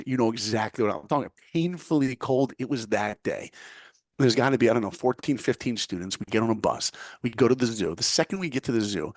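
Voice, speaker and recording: Recorded dry in studio quality, a middle-aged man from New York speaks with a medium-pitched, darkish voice. Appearing as a guest, he tells an animated, punchy, motivational story, performing quoted voices along the way.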